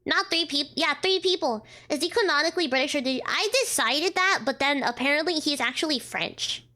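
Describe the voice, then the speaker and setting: A woman's voice: sits high, fairly quick, bright, forceful tone. A woman streaming a story game, reading the lines aloud and breaking off into exasperated comments.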